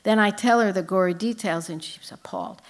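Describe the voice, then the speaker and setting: A woman's voice: mid-range voice, brisk. An older woman, an author, telling humorous anecdotes on stage at a live event. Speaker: author guest at a book festival. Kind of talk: storytelling on stage.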